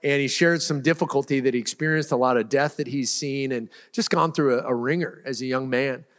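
A man's voice: medium pitch, fairly quick, a bit bright, big-room sound. A man pastor preaching a sermon in a casual, storytelling way, often restarting his sentences. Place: church sanctuary.

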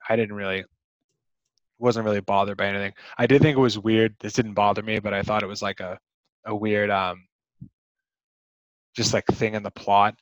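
A man with a fairly low voice talks casually about films as a podcast co-host, rambling along with lots of fillers. The sound is dry and close, a little dull and muffled. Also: flat delivery, moderate pace, pauses often, dry recording. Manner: rambling, chatty with many fillers. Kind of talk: casual movie discussion.

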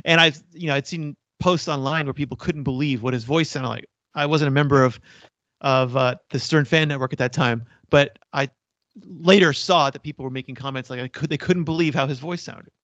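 A man's voice: on the high side, fairly even intonation, a little fast, fairly bright tone, dry recording, muffled recording. A man co-hosting a casual podcast chat, explaining his points with frequent restarts. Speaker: podcast co-host.

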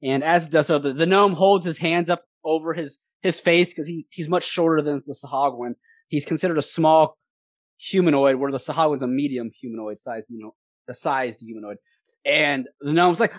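Game master, tabletop narration, lively voice, dry close sound. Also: mid-range voice, dry recording. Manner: lively, laughing narration with quick asides.

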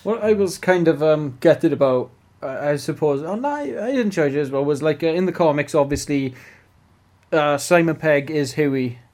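Animated chatty man. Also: a little high, normal speed. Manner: animated, swearing, trailing restarts. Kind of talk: casual chat.

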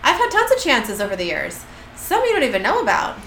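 A woman's voice: high voice, wildly swooping pitch, fairly quick, fairly bright tone, a little hiss or hum, full character voice. A woman reading the lines of a sardonic, mocking male demon king. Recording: echoey room with faint ambience.

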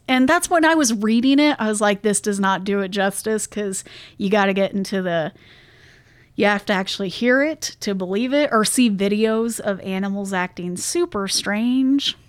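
A woman's voice: mid-range voice, unhurried, dry recording. A woman co-hosting a podcast, telling stories in casual chat with lots of laughter. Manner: animated storytelling, laughs often. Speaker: podcast co-host.

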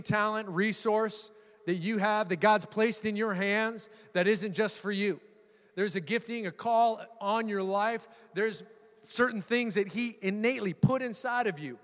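A man's voice: sits high, big-room sound. A middle-aged male pastor preaching a sermon, telling stories with humor and sudden bursts of emphasis. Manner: lively storytelling with laughs and bursts of emphasis.

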